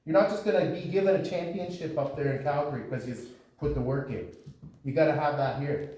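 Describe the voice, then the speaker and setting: A Canadian boxing coach lectures his fighters bluntly about speaking up, his voice a little high, a little fast and dark in tone. The recording is echoey and distant, captured from across the gym.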